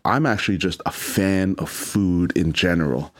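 A chef and restaurant owner from Toronto, Canada, speaks earnestly in a conversational interview. His low-pitched voice moves at normal speed, and he often stumbles and repeats his words.

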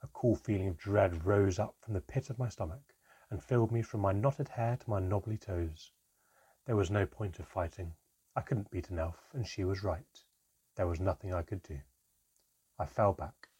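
Low, husky-voiced male storyteller. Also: moderate pace, mellow. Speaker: narrator. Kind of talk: first-person storybook narration.

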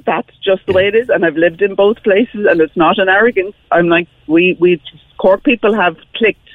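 Speaking at a moderate pace in a medium-pitched voice, a woman from Dublin calls in to a radio chat by phone. Her Irish accent and earnest, enthusiastic, filler-heavy talk come through a tinny line with no room sound.

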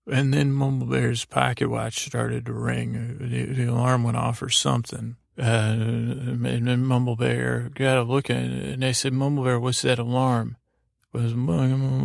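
A man telling a meandering, improvised bedtime story in a halting way, full of restarts and repeated "I said". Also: mid-range voice, creaky, no room sound, studio quality. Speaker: sleep story narrator.

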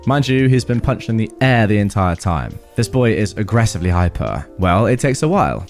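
Male podcast host reading stories, mid-pitched, hugely lively delivery, faint music under it. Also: fairly quick. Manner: expressive, animated reading. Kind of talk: reading a story aloud.

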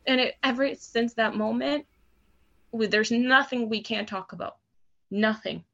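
A woman in her thirties shares a personal story as a podcast guest, candid and halting, often restarting her sentences. Her voice has a gravelly creak, and the recording sounds a little dull. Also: a little high, bright, forceful tone. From Canada. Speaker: guest, TV news host.

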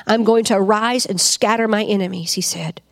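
A woman preaching a fervent sermon to a congregation, asking them questions and rising to loud cries. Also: mid-range voice, moderate pace, creaky. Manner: asks the crowd questions.

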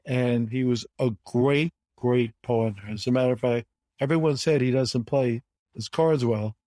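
A man's voice: mid-range voice, unhurried, dark tone, no room sound. An older man, a guest in an interview, telling anecdotes in an emphatic way and repeating words for stress. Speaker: bridge player guest.

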